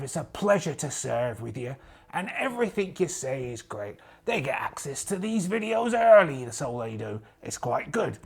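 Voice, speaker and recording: Man, put-on pirate accent, playful rambling asides, lively pitch, husky voice. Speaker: solo tabletop game player and narrator. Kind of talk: playing a pirate in a solo tabletop game, talking to the camera.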